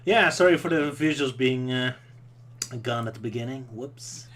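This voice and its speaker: Give me a bright-voiced man hosting a chat. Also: medium pitch, moderate pace. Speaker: podcast host. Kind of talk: casual chat.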